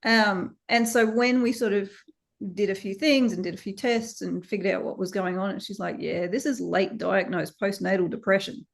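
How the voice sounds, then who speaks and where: A woman in her thirties with an Australian accent, a company founder giving a candid interview, animated and laughing often as she acts out the voices of others. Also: medium pitch, normal speed, gravelly.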